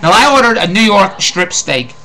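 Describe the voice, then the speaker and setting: A man's voice: sits high, very animated, moderate pace, sharp tone, rough recording. A middle-aged man with a Philadelphia accent, ranting in a rambling, exasperated comic monologue and repeating himself. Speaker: host.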